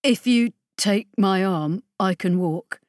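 A woman reading an audiobook voices a weak, frightened young man who pleads and breaks into high squeaks. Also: slow pace, no room sound, clean studio sound, close to an everyday voice. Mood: weary. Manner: pleading, rising to frantic squeaks.

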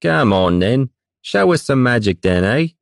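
A man's voice: medium pitch, big pitch swings, a little slow, creaky, no room sound, clean studio sound, voice pushed up. A man voicing a crowd of rowdy, drunken male pirate crewmen who jeer in coarse slang. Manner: loud, coarse, mocking slang.

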